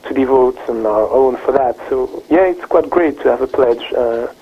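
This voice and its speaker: A man speaking as a software developer guest in a phone interview, halting and full of fillers and restarts. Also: mid-range voice. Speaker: open-source driver developer guest. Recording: tinny phone line, husky.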